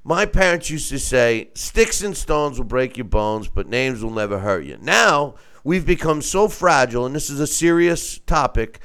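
A middle-aged man hosting a casual talk show, animated and quick to act out other people's voices. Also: clean tone. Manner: animated, acts out quoted voices in mock falsetto.

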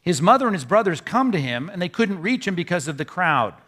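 Delivering his sermon with a high-sitting voice, this pastor stays conversational and lively, dropping brief asides to the congregation.

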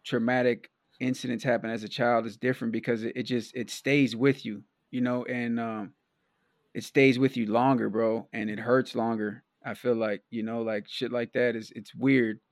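A man's voice: mid-range voice, flat delivery, moderate pace, no room sound, clean studio sound. A man hosting a podcast interview in casual chat, rambling with many restarts and saying "bro". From Milwaukee. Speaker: podcast host.

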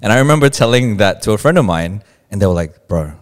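A low-pitched man chats on a podcast, his voice swinging widely up and down as he tells a story. He laughs often and slips into quoted voices of friends. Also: expressive, quick pace, in a large hall. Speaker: podcast co-host. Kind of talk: casual chat.

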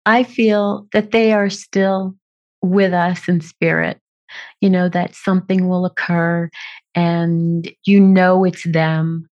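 A woman hosting a podcast, gently asking follow-up questions in a conversational interview. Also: on the low side, flat delivery, takes it slowly. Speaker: podcast host. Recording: dull lo-fi audio.

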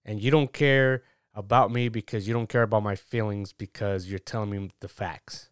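A man's voice: on the low side, moderate pace, smooth, dry recording, clean studio sound. A man giving a casual, chatty sermon, reading scripture and laughing at his own asides. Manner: relaxed, chatty, laughs at himself. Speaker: preacher.

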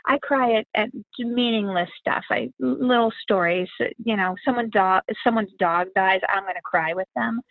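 A woman on a call, telling her story in a candid, brisk way. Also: mid-range voice, gravelly, no room sound. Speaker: guest on a call. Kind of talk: casual conversation over a call. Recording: tinny phone-like line.

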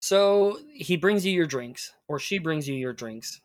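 A man teaching conversational Spanish, patiently explaining and modeling phrases slowly. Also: a little high, expressive, dry recording, studio quality.

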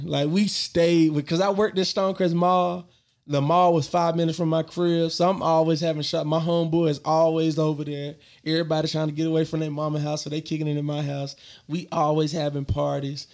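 Laughing man telling stories. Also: fairly high pitch. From Georgia, US. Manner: animated, laughs often, slangy and profane. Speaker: podcast host. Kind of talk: casual storytelling.

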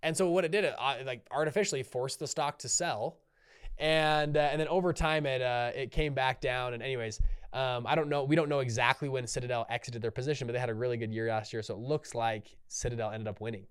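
A man's voice: medium pitch, fairly even intonation, fast, clear, resonant tone. A man hosting a solo podcast, talking casually and rambling off on tangents with lots of restarts and fillers. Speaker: podcast host.

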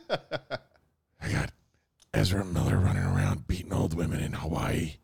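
A man with a very deep, gravelly voice who jokes around on a podcast. His pitch swings widely as he gets animated, and the recording is dry. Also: unhurried, no room sound. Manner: joking, animated, slips into silly voices. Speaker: podcast co-host. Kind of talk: casual chat.

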